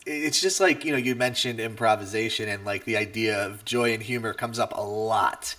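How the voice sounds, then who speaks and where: A man's voice: fairly low pitch, moderate pace, bright, forceful tone, far from the mic. Chatty male podcast host, off-mic. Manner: friendly, chatty, frequent affirming murmurs. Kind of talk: casual interview chat.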